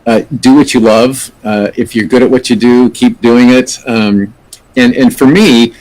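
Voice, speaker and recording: A man's voice: mid-range voice, fairly even intonation, unhurried, a little mellow, rough recording. A middle-aged man, an actor, giving thoughtful, earnest answers in an interview and often restarting his sentences. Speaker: actor, podcast guest.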